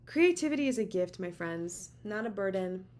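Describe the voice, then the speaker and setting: A woman reads tarot on camera from her home office, offering a chatty, encouraging channeled message and repeating words to drive points home. Her medium-pitched voice is animated and at normal speed, captured on a camera mic against a noisy background.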